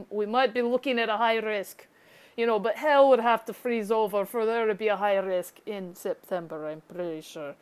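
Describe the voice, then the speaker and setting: A woman's voice: fairly high pitch, clear, resonant tone. A woman giving a casual weather outlook over a screencast, rambling, joking and poking fun at herself. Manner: rambling, joking, self-deprecating. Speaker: amateur weather forecaster.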